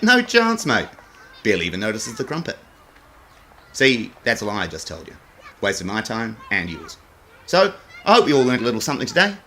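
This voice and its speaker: A man's voice: fairly low pitch, sharp tone, slight background noise. A man delivering a rambling, brash, sarcastic comic monologue. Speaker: comedy sketch performer.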